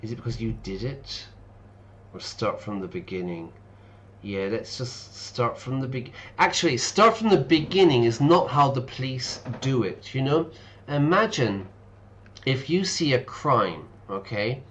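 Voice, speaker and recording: A man's voice: medium pitch, expressive, unhurried, fairly bright tone, slight background noise. A man, an English teacher, chatting casually and explaining words while streaming a game. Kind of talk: casual let's-play commentary.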